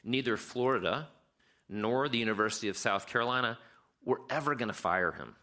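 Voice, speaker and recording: A middle-aged man preaching a sermon in a conversational way, lively when he tells stories. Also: mid-range voice, a little fast. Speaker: pastor.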